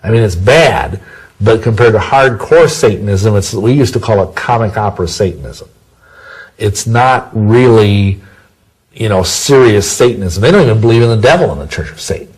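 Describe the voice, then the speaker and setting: A man with a low, husky voice answers interview questions at length. He rambles, restarts his sentences and throws in folksy sayings as he goes. His talk stays loose and conversational throughout. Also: expressive, normal speed, darkish tone, low-quality recording. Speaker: interview guest.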